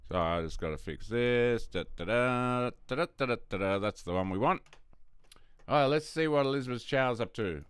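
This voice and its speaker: A livestream host chats in a rambling, casual way, swearing freely and laughing a lot. His mid-range voice is expressive, a bit bright and resonant, delivered at a moderate pace with clear sound and no echo.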